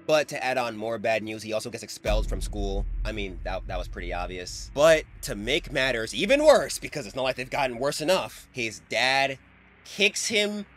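A man's voice: medium pitch, lively intonation, a little fast, few pauses, fairly bright tone, slight background noise. A man giving a casual, slang-filled recap of a comic story, emotionally invested in the hero. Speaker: manhwa recap creator.

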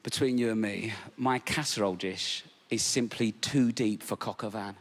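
A man's voice: on the low side, moderate pace, very noisy, pitched below the performer's own voice, close to an everyday voice. Man putting on a prim posh mother-in-law. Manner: prim, apologetic, genteel. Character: posh middle-class older mother-in-law. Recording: live club, loud crowd laughter.

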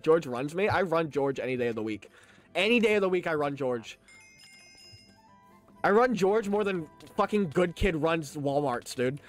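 A young man streaming a game, chatting casually and ranting in rambling reactions to his chat. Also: high-pitched.

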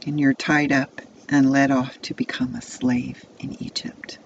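A woman tells a Bible story to children at a slow, unhurried pace, drawing listeners into the tale. Her voice has a gravelly edge, and the recording is dull and lo-fi with faint background noise. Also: very deep voice, little pitch movement. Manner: second-person immersive storytelling.

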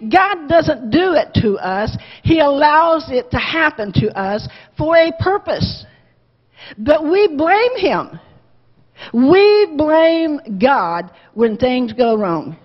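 A woman teaching a Bible lesson to a Sunday school class, lively, acting out the quotes and asking the class questions. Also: high-pitched, slightly rough. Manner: animated, acts out quotes, asks class questions. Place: church classroom. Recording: dull lo-fi with long church reverb.

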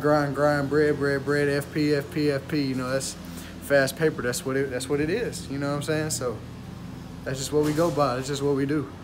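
A man's voice: a little high, noisy background. A young man talking casually in a vlog, laid-back, with lots of repeated slang fillers. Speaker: vlogger.

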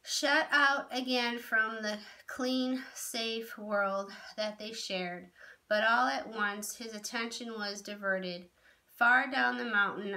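A woman storyteller reading a novel aloud in a measured, expressive way. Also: medium pitch.

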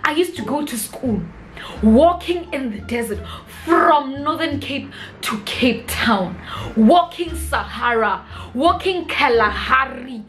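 Woman doing a boastful older South African parent, slow drawn-out bragging, pitched a bit high. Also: expressive, a bit bright, soft background music, full character voice, low-quality recording. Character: boastful older parent, exaggerating own schooldays.

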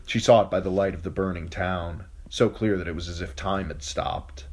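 A man narrating an audiobook chapter in a steady, even read. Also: low voice, normal speed. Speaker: amateur audiobook reader.

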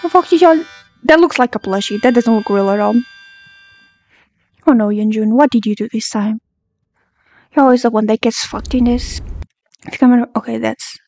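A young woman hosting a reaction video, talking back at the screen, excitable and swearing freely. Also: on the high side, moderate pace, long pauses. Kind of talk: casual reaction commentary.

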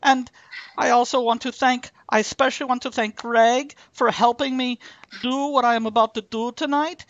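A man's voice: mid-range voice, big pitch swings, moderate pace, creaky, pushed and bright, breathy edge, no echo, highs cut off, exaggerated voice. A man improvising a flamboyant, vain actor with a put-on Spanish-style accent, giving a rambling acceptance speech and calling everyone darling. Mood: grandiose.

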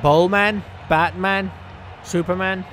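A man giving casual, joking commentary over his own video game play, yelling at the players on screen. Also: high voice, slow pace. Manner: excitable, jokey, scolds the game's players aloud. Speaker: gaming channel host.

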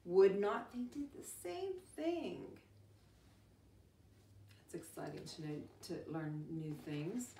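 A middle-aged woman teacher reading a picture book to young children, animated and exclaiming. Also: medium pitch. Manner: animated, gasping and exclaiming, speaks slowly and sing-song to young children. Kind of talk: storytime read-aloud lesson. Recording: roomy, from a distance.

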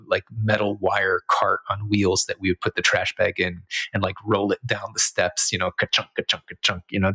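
A man's voice: on the low side, fairly bright tone, no room sound. A man who grew up in Israel, a podcast guest telling a childhood story in a rambling, self-amused way with many fillers. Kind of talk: casual storytelling.

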